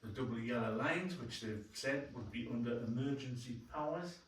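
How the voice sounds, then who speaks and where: A man's voice: medium pitch, normal speed. A man giving a councillor's report at a council meeting, speaking in a plain, colloquial way. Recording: very echoey room, distant mic, faint noise.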